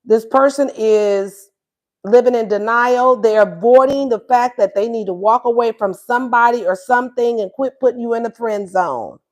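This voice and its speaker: A woman gives a casual tarot reading in a little high, slightly mellow voice at a moderate pace. She's sassy and acts out the voices of both lovers.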